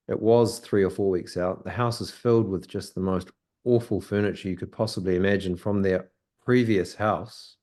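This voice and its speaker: A man's voice: fairly low pitch, darkish tone. A man, a guest photographer talking on a video call, hesitant with many fillers and restarts. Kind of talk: casual video call discussion.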